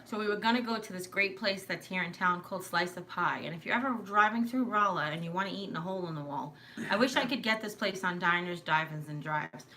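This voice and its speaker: A woman's voice: fairly low pitch, quick pace, pushed and bright, slight background noise. A woman with a Long Island New York accent, chatting and telling rambling stories as host of a home livestream. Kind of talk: casual chat on a livestream. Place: living room at home.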